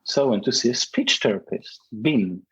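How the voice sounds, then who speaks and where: A man's voice: mid-range voice, lively intonation, normal speed, a bit bright, slightly rough, muffled recording. A man speaking English as a second language with a non-native accent, a guest in a podcast interview who talks emphatically and repeats key phrases. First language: not English. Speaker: guest, speaking contest runner-up.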